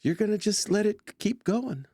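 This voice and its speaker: A man's voice: high voice, lively intonation, normal speed, dark tone, no room sound, studio quality. A man as a talk-show guest, speaking in an earnest, urging way and repeating his points. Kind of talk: casual talk-show chat.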